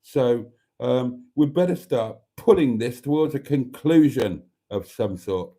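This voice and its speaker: A man hosts a late-night live stream, chatting casually and reading viewer comments aloud. His voice is mellow and warm, and his pitch swoops widely. He is theatrical and fond, calling everyone darling with mock-grand flourishes. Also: expressive, measured pace.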